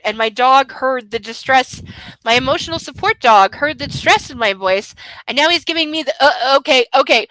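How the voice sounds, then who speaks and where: Sarcastic woman streamer, bright high voice. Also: normal speed, no echo, rough recording. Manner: sarcastic, playful, coos at her dog. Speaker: streamer hosting a book club. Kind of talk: casual live stream chat and reading aloud.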